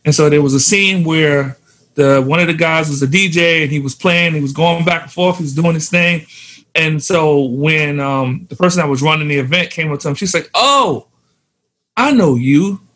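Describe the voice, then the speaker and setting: A man's voice: a little high, fairly even intonation, fairly quick, fairly bright tone. A male pastor on a casual ministry podcast, reflecting on a topic with preachy turns of phrase. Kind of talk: casual chat about ministry.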